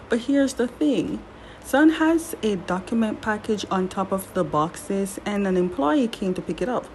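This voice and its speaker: A woman giving a casual recap of a drama series, chatty and animated, firing off indignant rhetorical questions and correcting herself as she goes. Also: mid-range voice, a little hiss or hum, low-quality recording. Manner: chatty, with frequent self-corrections.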